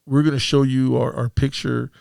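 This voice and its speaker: Gravelly-voiced man hosting a podcast. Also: mid-range voice, flat delivery, normal speed, darkish tone, no room sound, studio quality. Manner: easygoing, frequent agreeing interjections. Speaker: podcast host. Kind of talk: casual conversation.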